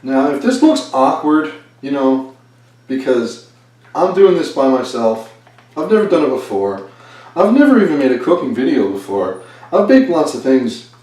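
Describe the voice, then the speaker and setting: A man's voice: medium pitch, big pitch swings, normal speed, darkish tone. A man chatting casually and rambling while he bakes at home, poking fun at himself as he works. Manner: self-deprecating, rambling, talks while working. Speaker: home cook filming a baking video. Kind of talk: casual talk while cooking. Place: home kitchen. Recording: echoey kitchen, distant camera mic.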